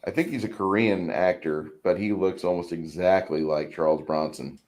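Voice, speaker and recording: A man's voice: deep voice, normal speed, a little mellow. A man hosting a casual stream, chatting while painting miniatures, rambling and often repeating words. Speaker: stream host. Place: home.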